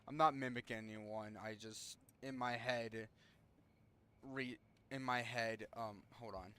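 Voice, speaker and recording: A man's voice: mid-range voice, steady tone, a little slow, pushed and bright, smooth. A young man giving casual gameplay commentary as a streamer, rambling and often cutting himself off mid-sentence. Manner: rambling, self-interrupting, trails off. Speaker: gaming streamer.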